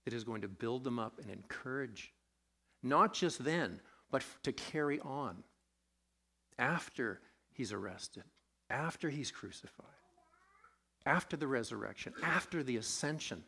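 A man's voice: medium pitch, lively intonation, a little slow, pauses often, bright, forceful tone, slightly rough. A man preaching a sermon, conversational and self-deprecating, with a sore throat, asking his congregation questions as he goes. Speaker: pastor.

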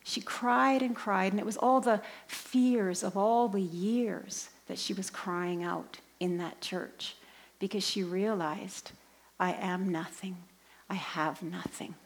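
A woman leading a pilgrimage group, telling a story as a sermon. She swings between lively emphasis and hushed, near-whispered passages. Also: medium pitch, takes it slowly. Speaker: Christian speaker and pilgrimage leader.

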